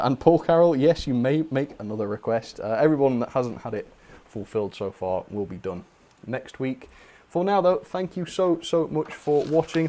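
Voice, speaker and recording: With a mellow, mid-range voice, the male streamer chats warmly while going through requests from his viewers' chat, calling out names to thank them.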